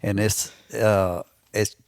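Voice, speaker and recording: A man in his sixties with a thick Alabama Southern drawl and a deep, gravelly voice. He tells his stories in a rambling way, circling back and repeating himself as he goes. The recording is dry and close, with little room sound. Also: level tone, slow pace, a little mellow, no room sound. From Alabama, USA. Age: 60s. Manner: rambling, repeats and restarts phrases. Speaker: guest, veteran turkey hunter. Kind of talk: casual storytelling in a podcast interview.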